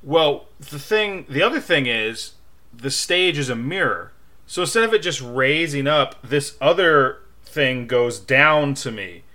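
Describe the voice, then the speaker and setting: A young man casually telling a funny story on a podcast, laughing often and acting out quotes in a loud high voice. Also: lively intonation, unhurried. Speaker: podcast co-host.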